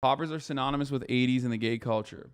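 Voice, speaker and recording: A man's voice: mid-range voice, fast, clear, resonant tone, dry recording, studio quality. A man hosting a live stream, joking crudely and rambling in casual chat. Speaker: streamer host.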